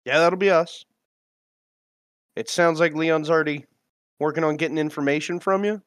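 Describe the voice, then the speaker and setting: A man's voice: fairly high pitch, steady tone, moderate pace, clean tone, no echo, clean studio sound. A man playing a tabletop game, asking blunt, questioning things of a captive. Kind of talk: casual tabletop play.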